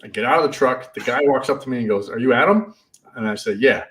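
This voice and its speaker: A man who runs a party rental business, telling stories in a casual, animated way and acting out the shouting in them. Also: medium pitch, fast talker, far from the mic. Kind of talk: casual storytelling.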